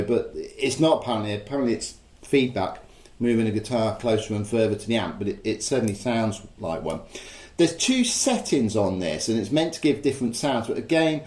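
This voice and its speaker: A man's voice: mid-range voice, a little mellow. A man casually demonstrating a guitar gadget, rambling with lots of fillers. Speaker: presenter demonstrating guitar gear. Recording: echoey room.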